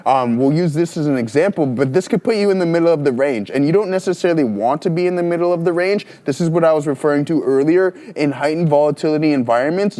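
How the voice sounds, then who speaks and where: Male trading co-host, slightly higher voice, friendly and explanatory. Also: dark tone. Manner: friendly, explains setups to chat. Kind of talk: live trading commentary.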